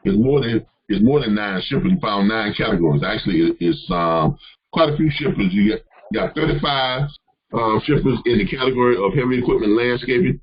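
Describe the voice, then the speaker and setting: A man's voice: on the low side, fairly quick, muffled recording. A man hosting a live question-and-answer call, giving casual advice in a rambling way with many fillers and restarts. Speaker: host answering caller questions.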